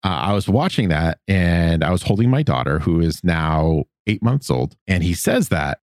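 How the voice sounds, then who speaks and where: A man's voice: low-pitched, normal speed, no echo, clean studio sound. A man in his thirties co-hosting a podcast in casual chat, playful and jokey. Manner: playful, jokey, animated storyteller. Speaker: podcast co-host.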